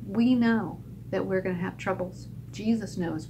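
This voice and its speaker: A woman teaching a children's Bible lesson at a church, telling the story in an animated voice and acting out the characters' lines. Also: measured pace, noisy background. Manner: animated, acts out characters' lines with big pitch jumps.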